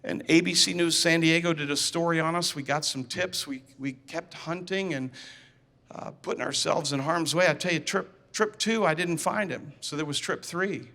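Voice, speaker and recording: A man telling a personal story to an audience, animated, acting out dialogue and repeating words as he goes, in a large reverberant hall. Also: fairly high pitch, normal speed. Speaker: speaker.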